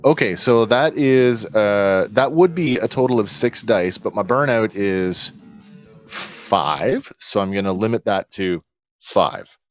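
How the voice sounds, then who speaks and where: A man playing a tabletop game, thinking out loud in a rambling, casual way. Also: on the low side, animated, takes it slowly, no room sound, soft background music. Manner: rambling, full of fillers and restarts. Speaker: player.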